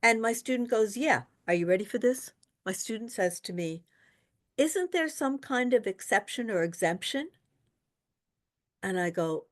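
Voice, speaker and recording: A woman tutoring for a real estate exam in a webinar, talking casually and telling lively stories with quoted dialogue. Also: fairly high pitch, unhurried. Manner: chatty, animated storytelling with quoted dialogue. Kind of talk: webinar lesson with anecdotes.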